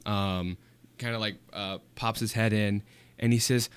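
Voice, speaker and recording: A man's voice: lowish voice, steady tone, measured pace, smooth, dry recording. A man narrating a tabletop game as game master, hesitant, with many fillers. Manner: hesitant, many ums and likes.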